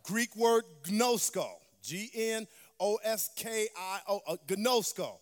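A woman's voice: medium pitch, takes it slowly. A woman preaching a sermon, emphatic, calling out for responses from the congregation. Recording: long hall reverb.

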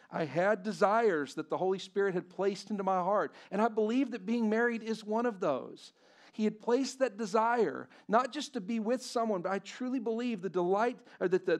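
A man preaching a sermon in a fairly high voice. He reads scripture aloud and comments on it. His delivery swings from loud, emphatic passages to hushed, slow emphasis. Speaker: pastor.

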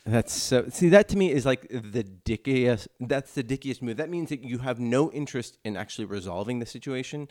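A man's voice: mid-range voice, expressive, fairly quick, few pauses, darkish tone. A man co-hosting a casual podcast chat, wry and dry, cracking jokes and checking in on the others. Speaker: podcast co-host.

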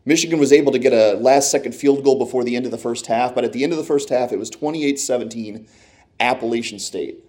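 A man recounts a story from the stands with an animated, conversational delivery. He slips into quoting his own reactions, jumping up and down in pitch and loudness as the tension builds. His voice sits at an ordinary middle pitch for a man. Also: fast. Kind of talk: personal sports anecdote.

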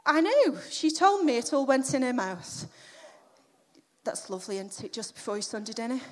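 A woman's voice: fairly high pitch, very animated, moderate pace. A middle-aged woman giving a chatty, self-deprecating sermon built around a personal story, acting out the quotes. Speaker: preacher.

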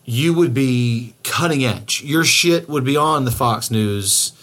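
A man's voice: medium pitch, takes it slowly, a bit bright. A man co-hosting a podcast in casual banter, rambling and joking, swearing freely. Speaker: podcast co-host.

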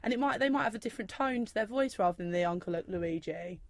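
A woman's voice: medium pitch, animated, fast, dry recording. A twenty-year-old woman, co-hosting a podcast and chatting frankly. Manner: chatty, frank, uses British slang. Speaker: podcast co-host. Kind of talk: casual chat.

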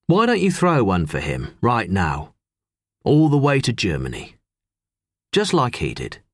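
Male reader as a gentle, friendly middle-aged man, slightly husky, dry close sound. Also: medium pitch, wildly swooping pitch, a little slow, dry recording, heavily acted. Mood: encouraging. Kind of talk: audiobook character reading.

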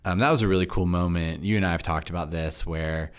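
A chatty, quick-talking pastor holds a relaxed interview in a low, deep voice. He jumps from point to point and laughs easily. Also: smooth. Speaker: pastor and podcast host. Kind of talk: casual interview conversation.

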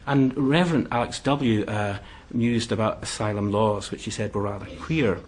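Guy giving a history lecture, kinda low voice, lots of uhs, faint noise in the back. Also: fairly even intonation, moderate pace, few pauses, darkish tone. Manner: hesitant, many "uh" fillers.

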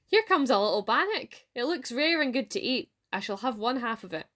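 A woman voicing a startled male farmer who is eager to eat, calling out in excited exclamations. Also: high-pitched, fast.

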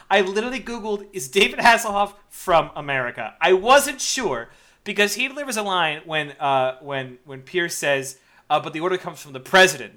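A man with a high, bright voice trades casual banter about a film. He talks in an animated way, swears freely and laughs through his sentences. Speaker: podcast co-host. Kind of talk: casual movie-review chat.

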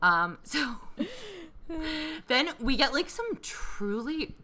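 A woman co-hosting a podcast, recapping a reality show in a jokey, animated way with lots of asides. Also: sits high, slow pace. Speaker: podcast co-host.

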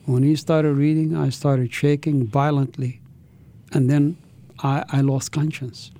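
A man's voice: on the high side, level tone, measured pace, dark tone. A man, an interview guest, telling his life story with an intense, earnest manner.

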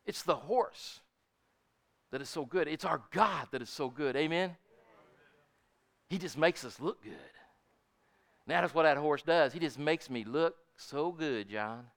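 A man's voice: a little high, animated, unhurried, creaky, long pauses. An older man preaching a sermon in a folksy, storytelling way, often asking his congregation "Amen?". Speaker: pastor.

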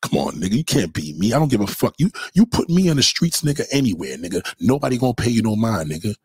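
A man's voice: lowish voice, big pitch swings, quick pace, a little mellow, husky, no room sound. A man, from Brooklyn, hurling mocking, profane insults in a livestream rant. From Brooklyn, New York. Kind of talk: trash-talking livestream rant.

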